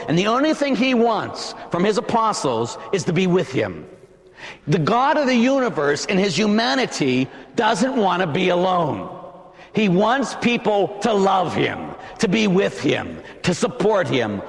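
Dramatic preacher in a reverberant hall. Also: male voice, high voice, sing-song, measured pace. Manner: dramatic, swings from hushed to shouting. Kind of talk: sermon. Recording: long reverb of a large hall.

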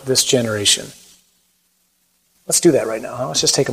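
A man's voice: mid-range voice, brisk, gravelly, pauses often, husky, poor audio. A Catholic priest giving a conversational talk on evangelization and leading a closing prayer, acting out quotes as he goes. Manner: animated, conversational preaching with acted-out quotes.

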